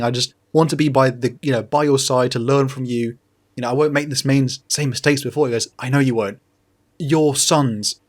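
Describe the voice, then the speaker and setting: A man's voice: mid-range voice, steady tone. Man giving a jokey casual recap. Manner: jokey, laughing, acting out characters in quick paraphrase. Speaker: podcast host.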